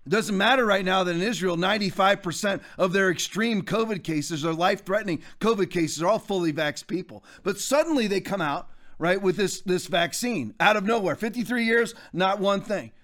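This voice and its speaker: A man's voice: high voice, fairly quick, few pauses, fairly bright tone. A man in his fifties hosting a political commentary show, ranting emphatically and addressing listeners directly. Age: 50s. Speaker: show host.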